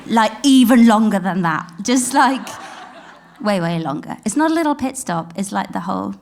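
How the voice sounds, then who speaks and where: A woman spoken-word poet, performing live on a theatre stage, mixing giggly, rambling asides with slow, lyrical recitation. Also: medium pitch, expressive, vocal fry, a little mellow, slight background noise.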